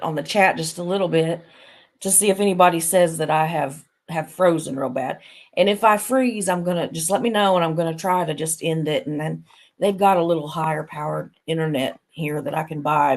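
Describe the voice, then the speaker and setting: A woman with a Southern accent rambling casually on a live stream, a little nasal from allergies, laughing often. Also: on the low side. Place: bedroom of a vacation stay.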